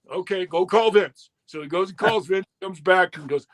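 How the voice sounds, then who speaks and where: High-voiced man telling a profane story. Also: moderate pace. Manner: profane, animated retelling with quoted dialogue. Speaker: interview guest. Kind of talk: storytelling in a shoot interview.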